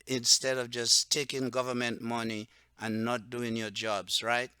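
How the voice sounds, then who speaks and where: Man with Patois roots, self-styled religious leader, off-the-cuff monologue; smooth, dry close-mic sound. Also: medium pitch, little pitch movement, bright, forceful tone, no echo. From Dominica. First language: Antillean Creole (Patois). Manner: rambling, repeats "okay?" and "right?", turns heated and slower when stressing points. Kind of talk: unscripted monologue to camera.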